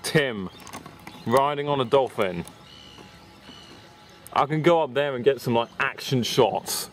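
A man's voice: medium pitch, slow, soft background music. A man chatting casually and joking with plenty of swearing while filming a friend at an outdoor pool on a handheld camera. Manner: joking, swearing, laughing often. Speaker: vlogger filming a friend on an inflatable. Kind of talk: casual chat. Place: outdoor swimming baths. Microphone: handheld camera mic.

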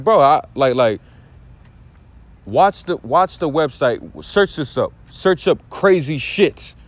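Profane, fired-up street-preaching man. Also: fairly high pitch. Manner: profane, emphatic, repetitive. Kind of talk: impassioned religious rant.

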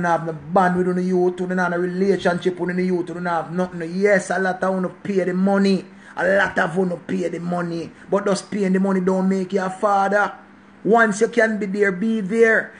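A man's voice: high voice, a little hiss or hum. A man in his forties from Jamaica with a Jamaican accent, delivering a preachy, emphatic monologue that repeats points for stress. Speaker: channel host. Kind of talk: casual monologue rant.

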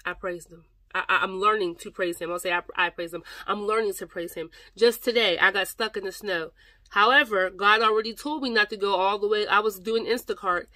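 A woman's voice: mid-range voice, fairly even intonation, a little fast, pushed and bright, no echo. Woman giving a heartfelt faith talk. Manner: preachy, exhorting, repeats phrases, addresses viewers as y'all. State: close to tears at times. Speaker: faith vlogger. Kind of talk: personal devotional talk to camera.

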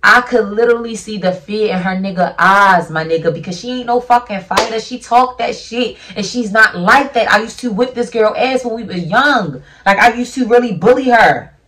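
A woman's voice: on the high side, normal speed, a bit bright, far from the mic. A young woman vlogger telling a casual storytime in a brash, profane, emphatic way.

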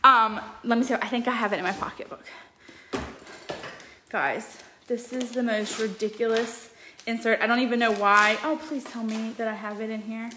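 A woman's voice: a little high, steady tone, normal speed, sharp tone, slight background noise. A woman, chatting casually and upbeat through a shopping haul with plenty of ums. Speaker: couponing vlogger.

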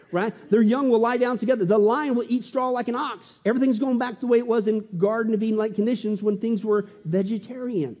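Really high-pitched guy preaching, all fired up and joking around, big echoey hall. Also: quick pace, hardly any pauses. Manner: excitable, jokey, rhetorical questions. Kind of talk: sermon on prophecy. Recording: long hall reverb.

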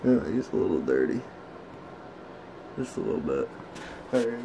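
A man filming his pet lizard on a phone, talking to it in a slow, easygoing, cooing way. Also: on the low side, big pitch swings, vocal fry. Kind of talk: casual home video chat. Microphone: phone camera. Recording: noisy home phone recording.

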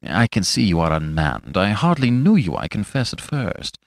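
A man voicing a wealthy white-haired older doctor who speaks in a hushed, hurried and falsely polite way. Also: fairly low pitch, big pitch swings, gravelly, dry recording, clean studio sound. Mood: flustered politeness.

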